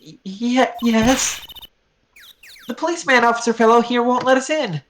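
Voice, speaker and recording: A woman voicing an excitable, bubbly young girl who squeals and stammers. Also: on the high side, normal speed, slight background noise, voice pushed up, close to an everyday voice. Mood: timid.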